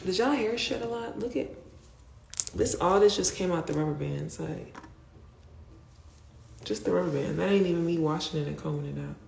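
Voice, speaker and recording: A woman's voice: on the low side, moderate pace, gravelly, pauses often, a little mellow, slight background noise. A young woman casually chatting to her viewers on a phone livestream, swearing freely and calling them y'all. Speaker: Instagram Live host.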